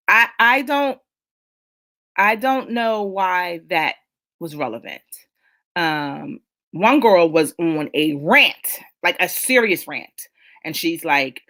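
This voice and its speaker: A woman's voice: fairly low pitch, lively intonation, slow, long pauses, fairly bright tone. Chatty woman hosting a live talk stream. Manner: conversational, emphatic, reads out viewer comments. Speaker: host of a live chat show. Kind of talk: casual live-stream chat.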